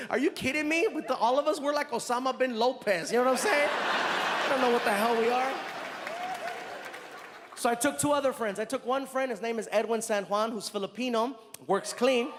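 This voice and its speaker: High-voiced man doing stand-up. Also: very noisy. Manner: animated, acting out characters, addressing the crowd. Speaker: stand-up comedian. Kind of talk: stand-up comedy storytelling. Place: live comedy venue. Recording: live venue with long reverb, faint ambience.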